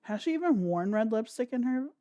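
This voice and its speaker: A woman's voice: a little high, expressive, brisk, mellow, no room sound, highs cut off. A woman hosting a livestream, reacting to a video with crude jokes and frequent laughter. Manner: crude, joking, laughs often. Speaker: podcast host. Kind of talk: casual livestream commentary.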